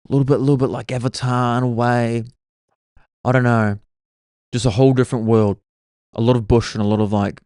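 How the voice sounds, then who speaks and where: A man's voice: on the low side, darkish tone, clean tone, no room sound, studio quality. A man, hosting his own podcast and rambling through stories in a casual way, full of "like" and "bro". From New Zealand. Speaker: podcast host. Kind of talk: casual solo storytelling.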